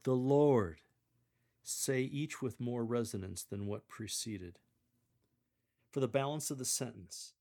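A man hosting a podcast, calmly explaining how to read scripture aloud and demonstrating the lines. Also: medium pitch. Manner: measured and explanatory, demonstrating the readings. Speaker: podcast host coaching scripture readers. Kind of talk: instructional coaching on reading scripture aloud.

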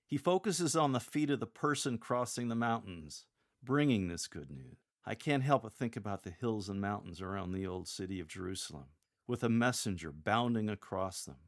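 Low-voiced man coaching scripture reading. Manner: measured, demonstrates readings with slow emphatic proclamation. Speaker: lector coach. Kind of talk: scripted instructional talk on reading scripture aloud.

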